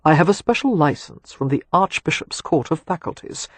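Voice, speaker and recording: A teasing, ardent young gentleman in an audiobook romance, as a male narrator plays him. He speaks wryly and earnestly in a somewhat high, breathy voice. The sound is close and dry. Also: animated, normal speed, no echo.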